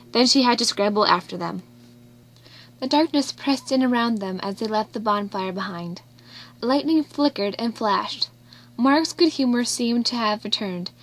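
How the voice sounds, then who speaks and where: A woman narrating a novel aloud in a steady, expressive reading. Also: fairly high pitch. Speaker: audiobook reader. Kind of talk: scripted narration.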